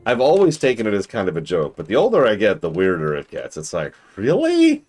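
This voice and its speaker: Low gravelly man, streamer, wry self-mocking chat, lively pitch, faint music behind. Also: fast. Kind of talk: casual game commentary.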